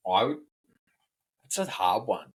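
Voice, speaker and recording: Husky, deep man. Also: lively intonation, takes it slowly. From South Australia. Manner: dry, teasing banter with swearing. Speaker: podcast co-host. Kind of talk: casual podcast chat.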